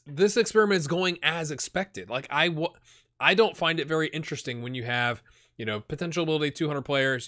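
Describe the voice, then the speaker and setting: Here a man with a fairly high, bright, pushed voice runs a game channel and talks his way through a football management save. The commentary is casual and meandering, full of restarts as he thinks aloud.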